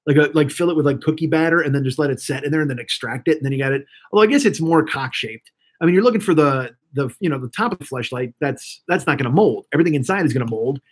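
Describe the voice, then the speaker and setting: A man in his forties with a husky, slightly raised voice talks to his live-stream viewers at a fast clip. He rambles, swears freely and keeps restarting his sentences. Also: on the high side. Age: 40s. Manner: profane, rambling, often restarts mid-sentence. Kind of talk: casual rambling chat to a live audience.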